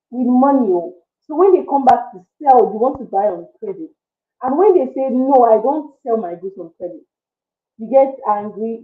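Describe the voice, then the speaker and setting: A woman giving a motivational talk, earnest and coaxing, repeating her points. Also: a little high. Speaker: motivational speaker. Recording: echoey, tinny phone-like sound.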